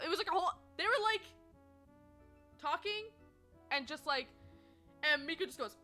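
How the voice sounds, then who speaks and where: A young woman streamer telling stories to her chat in a chatty, animated way, swearing freely and laughing often. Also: sits high, a little fast, soft background music. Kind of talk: casual storytelling to chat.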